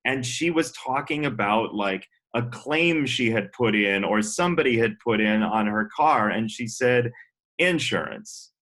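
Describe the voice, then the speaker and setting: A man who works as a sports broadcaster, a podcast guest chatting on a video call and telling lively stories, acting out the voices of people he quotes. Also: medium pitch, a little slow, hardly any pauses. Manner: animated, acts out quotes in storytelling. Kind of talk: casual chat.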